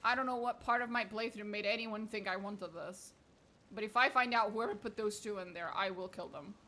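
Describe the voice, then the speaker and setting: A woman's voice: mid-range voice, a little fast, sharp tone. A woman streaming a video game, reading its text aloud and reacting with sarcastic, profane asides. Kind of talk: casual game commentary.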